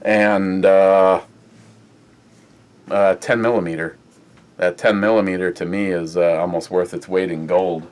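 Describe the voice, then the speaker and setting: Low-voiced and unhurried, this male beer podcast host pauses often and keeps a fairly even intonation. His casual review talk wanders, includes profanity, and is heavy with "uh" fillers.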